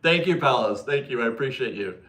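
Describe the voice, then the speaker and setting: A man's voice: medium pitch, animated, fairly quick, fairly bright tone, roomy sound. A man hosting a casual livestream, chatting, laughing often and correcting himself as he answers viewers. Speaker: livestream host reading viewer donations.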